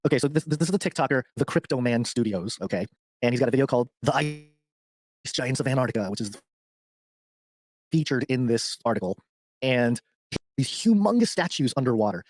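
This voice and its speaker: Podcast cohost guy, rambles n restarts, talks quick. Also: mid-range voice, animated, a little hiss or hum. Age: adult with young children. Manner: rambling, stops and restarts, laughs easily. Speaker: podcast co-host. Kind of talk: casual chat.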